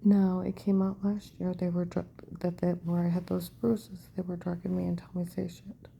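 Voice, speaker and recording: Husky-voiced woman, hushed and rambling. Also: fairly low pitch, completely flat delivery, normal speed. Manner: often drops to a hushed whisper; fragmented, repetitive phrasing. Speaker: vlogger telling a personal account. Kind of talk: rambling personal monologue.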